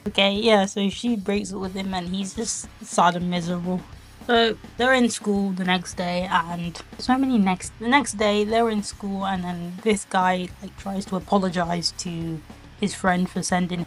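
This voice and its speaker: A woman casually reviewing online videos, retelling the plot in a rambling, giggly, exclamatory way. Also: mid-range voice.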